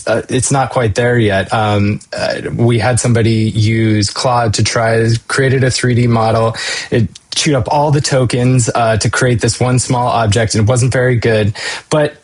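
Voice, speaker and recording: Low-voiced man explaining calmly. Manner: conversational, explanatory, with fillers. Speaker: university administrator, panel guest. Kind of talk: casual panel discussion.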